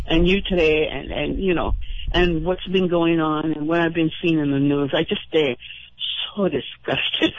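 A man hosting a call-in radio show, speaking in an impassioned, indignant, rambling way with frequent restarts. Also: fairly high pitch. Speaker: radio talk show host. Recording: dull lo-fi radio broadcast.

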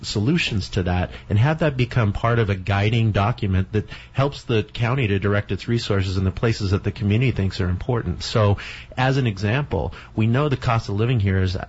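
Male talk-show host, deep and breathy, easygoing with frequent restarts; dull lo-fi recording. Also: a little mellow. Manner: rambling, many restarts. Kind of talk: casual radio talk. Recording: dull lo-fi sound.

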